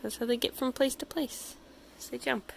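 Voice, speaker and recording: A woman's voice: fairly high pitch, fairly even intonation, moderate pace, gravelly, slight background noise. Giggly woman cooing over her pets. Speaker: pet vlogger. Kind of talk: casual vlog chat. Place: home pet room.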